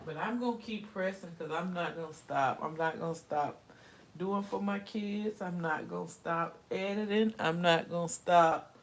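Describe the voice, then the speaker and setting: A woman with a lowish voice hosts a casual livestream chat at a moderate pace, calling her viewers sis and honey. She says she keeps pushing on despite being tired. The room sounds roomy, with faint background noise.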